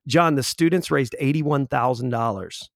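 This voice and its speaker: A man in his forties, telling a personal story as an interview guest in an earnest, halting way with restarts. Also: mid-range voice, creaky, no echo, studio quality. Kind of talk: conversational storytelling.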